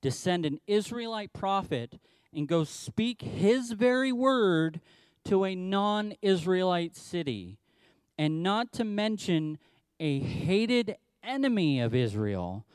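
A man pastor preaching a sermon, telling the story in an animated way and acting out the quotes himself. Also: high-pitched, measured pace, clean tone, dry recording.

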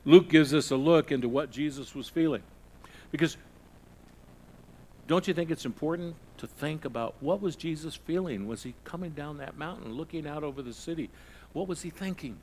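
A middle-aged male pastor preaching a sermon, swinging from loud emphasis to hushed, low passages. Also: normal speed, a little hiss or hum.

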